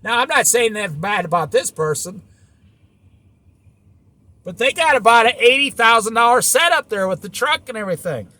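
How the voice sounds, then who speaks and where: A man's voice: very high voice, lively intonation, moderate pace, long pauses, sharp tone, dry recording. A man giving an opinionated, preachy monologue about living simply in a van, repeating points and firing rhetorical questions. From United States. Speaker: van-life vlogger.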